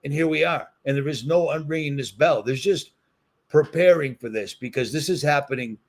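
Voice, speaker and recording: Boston dude ranting into the camera, raspy gravelly voice, kinda high, keeps repeating himself. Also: male voice, normal speed. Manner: ranting, emphatic, repeats points. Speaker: commentary vlogger. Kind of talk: heated solo commentary.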